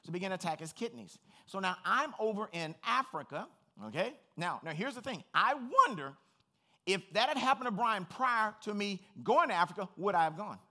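A man's voice: high-pitched, animated, brisk, pushed and bright. A middle-aged man preaching a sermon as pastor, earnest, personal and plain-spoken.

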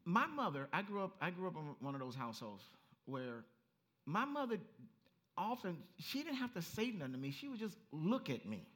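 A male pastor preaching a lively, story-driven sermon and acting out voices as he goes. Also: high voice, normal speed. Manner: animated storytelling, acts out voices, laughs.

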